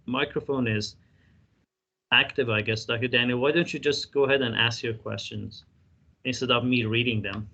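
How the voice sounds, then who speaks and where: A man's voice: medium pitch, fairly even intonation, normal speed, gravelly, bright, forceful tone, muffled recording. A man from Iran whose first languages are Kurdish and Farsi, politely moderating a question session over a video call.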